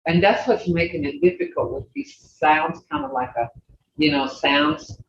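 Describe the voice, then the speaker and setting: A language teacher running an online class, folksy and plain-spoken, slowly repeating native words to drill their sounds. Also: mid-range voice, expressive, vocal fry, fairly bright tone. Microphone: video call. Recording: distant, roomy, dull video-call audio with faint hiss.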